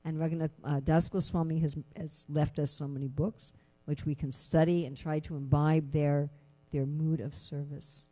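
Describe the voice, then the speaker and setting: A woman's voice: low voice, normal speed. A woman giving a conversational scripture lecture, telling stories and asking rhetorical questions, with frequent filler phrases. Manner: conversational, many "you know" fillers; animated storytelling with rhetorical questions. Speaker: lecturer at a temple class.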